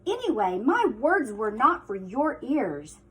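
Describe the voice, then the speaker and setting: A cross female alligator snaps and scolds in a storybook voice, done by a woman reading aloud. Her pitch is high with wide swings. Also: very animated, takes it slowly. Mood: scolding. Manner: scolding, snappish.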